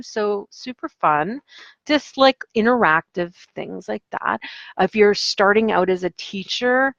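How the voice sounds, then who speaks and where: A woman's voice: medium pitch, measured pace, creaky, a bit bright, dry recording, muffled recording. A woman, an online English teacher, chatting casually in a vlog with a rambling, filler-heavy manner. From Canada.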